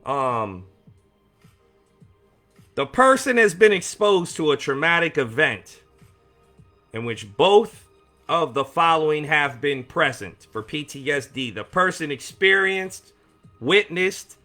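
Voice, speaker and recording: A man's voice: a little high, expressive, takes it slowly, long pauses, soft background music. A man hosting a casual motivational live stream for veterans, rambling and joking in an upbeat, encouraging way. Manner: warm and encouraging toward viewers. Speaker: coach and host of a weekly live show for veterans.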